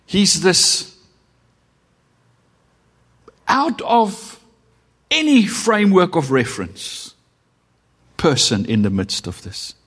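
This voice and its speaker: A middle-aged man with a South African accent preaching a sermon as pastor, with dramatic pauses and sudden shifts between loud and hushed delivery. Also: high-pitched, huge pitch swings. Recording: long reverb of a hall.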